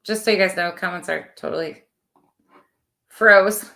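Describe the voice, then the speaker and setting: A woman's voice: on the low side, measured pace, vocal fry, sharp tone. A woman in her thirties chatting casually on a livestream, rambling and talking to her viewers. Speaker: livestream host.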